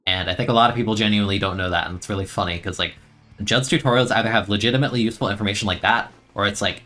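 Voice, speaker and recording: A man's voice: on the low side, very fast, sharp tone. A young man streaming a video game, chatting in a rambling, easygoing way and laughing often. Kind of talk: casual gameplay commentary.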